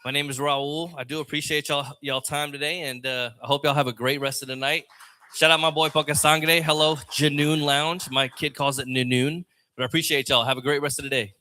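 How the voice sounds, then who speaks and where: A man's voice: a little high, fairly even intonation, brisk, pushed and bright. A man doing a loose, rambling stand-up set on a lounge stage mic. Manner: rambling, loose, chatty delivery. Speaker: open mic comedian.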